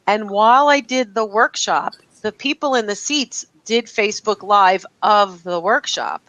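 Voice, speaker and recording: A woman's voice: medium pitch, a little slow, fairly bright tone, dry recording, rough recording. A woman from New Jersey who teaches networking workshops, telling a story with enthusiasm in a casual video-call chat.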